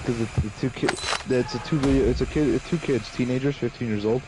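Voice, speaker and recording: A male streamer talking casually while playing a shooter, meandering through stories with plenty of swearing. His voice sits at an ordinary pitch. Loud gunfire and explosions from the game fill the background. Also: fast talker, very noisy. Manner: rambling, profane storytelling with laughs. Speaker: gaming streamer. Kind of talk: casual chat while gaming.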